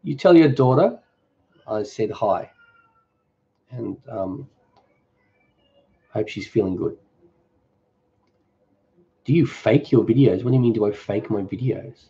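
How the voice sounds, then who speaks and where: A man's voice: on the low side, lively intonation, slow, long pauses, warm tone, lo-fi sound. A man hosting a cooking channel's live Q&A. He reads viewer comments aloud and answers them in an easygoing, off-the-cuff way. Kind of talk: casual live-stream Q&A.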